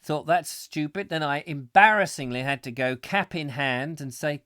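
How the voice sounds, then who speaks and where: A middle-aged Englishman hosts a comic live show, reading out viewer comments and wandering off into playful, mock-gruesome asides. His voice sits a touch high for a man. The sound is close and dry. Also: lively intonation, normal speed, few pauses, bright, forceful tone, dry recording. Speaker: host.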